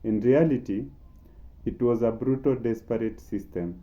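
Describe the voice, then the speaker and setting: A man's voice: mid-range voice, normal speed, dark tone, dull audio. A man giving emphatic, scripted documentary narration as the channel host. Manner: emphatic, building suspense.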